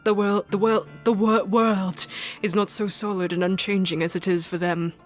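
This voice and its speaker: A woman's voice: mid-range voice, level tone, moderate pace, faint music behind, natural voice. A woman voicing a mysterious, sinister male collector in a game with a put-on British accent, theatrical and cryptic. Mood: menacing.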